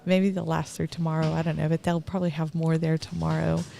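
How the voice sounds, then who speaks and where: A woman's voice: sits low, little pitch movement, fast talker, gravelly, mellow, a little hiss or hum. A middle-aged woman with a Texan accent giving rambling, talkative live commentary at an event, laughing between thoughts.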